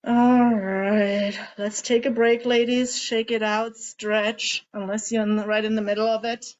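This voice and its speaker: Gentle coaxing woman coach, lo-fi audio. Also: fairly high pitch, little pitch movement, a little slow. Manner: gentle, coaxing, asks many guiding questions. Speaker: emotional eating coach leading a group session. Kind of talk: guided tapping and emotion-release exercise.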